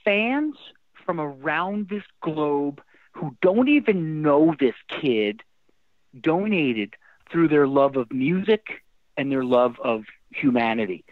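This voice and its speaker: A middle-aged man, a guest musician telling stories in a casual interview, animated and emotional, often restarting his sentences. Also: a little high, takes it slowly, no echo. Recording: dry tinny phone-like line.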